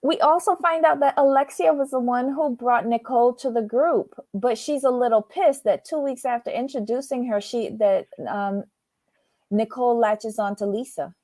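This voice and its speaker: A woman's voice: a little high, moderate pace, mellow, no echo, studio quality. A woman co-hosting a TV recap show, giving sarcastic commentary in casual chat. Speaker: podcast co-host.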